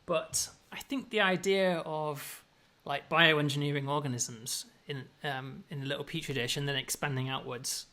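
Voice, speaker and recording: A man's voice: fairly high pitch, steady tone, normal speed, pushed and bright. A man who designs games, chatting casually with a dry, self-mocking humor. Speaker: game designer. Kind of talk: casual chat.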